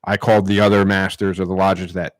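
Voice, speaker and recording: A man with a low voice rambles through a story in casual chat, leaning on fillers. He is recorded close and dry. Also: level tone, a little fast, no echo.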